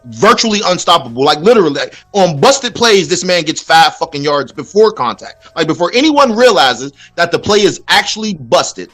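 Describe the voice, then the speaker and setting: High-voiced man ranting about sports. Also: moderate pace, few pauses, faint music behind. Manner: profane, ranting, animated. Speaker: podcast host. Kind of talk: casual sports talk.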